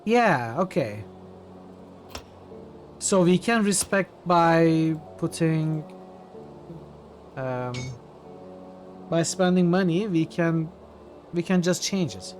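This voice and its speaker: A man's voice: a little high, lively intonation, slow, long pauses, a little hiss or hum. A man streaming a game, thinking aloud in casual commentary with frequent hesitations.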